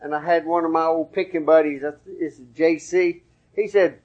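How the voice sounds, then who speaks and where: A male preacher delivers his sermon in a relaxed, folksy, conversational way, citing chapter and verse as he goes. His voice sits fairly high for a man. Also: normal speed, lo-fi sound.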